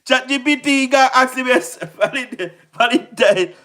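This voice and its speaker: A woman's voice: high voice, moderate pace, a bit bright. A woman with a Jamaican accent giving emphatic political commentary on her channel, repeating phrases and laughing often. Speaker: YouTube commentator.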